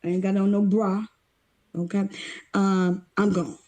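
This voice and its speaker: A woman's voice: medium pitch, level tone, unhurried, dark tone. A woman guest on a livestream, talking brashly and teasingly with lots of cursing, a bit out of breath. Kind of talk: casual livestream chat.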